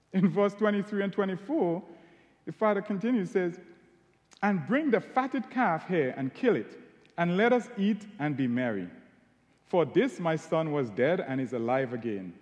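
A man preaching a sermon, retelling a Bible story and stressing key words by slowing down on them. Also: sits high, lively intonation, darkish tone, dull audio. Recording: long hall reverb.

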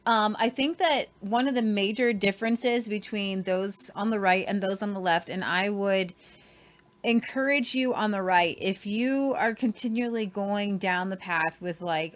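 A woman's voice: mid-range voice, measured pace. A woman hosting a show stops a clip to add her own remarks. She speaks casually and addresses her listeners directly, urging them on. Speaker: host commenting on a played clip. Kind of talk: casual commentary.

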